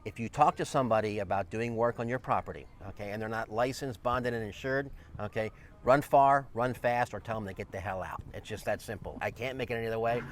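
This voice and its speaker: Fast-talking man with a steady, emphatic delivery. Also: on the low side. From lived in northeast Georgia. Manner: emphatic, keeps checking in with "okay?". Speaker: real estate agent and channel host. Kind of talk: casual chat to camera.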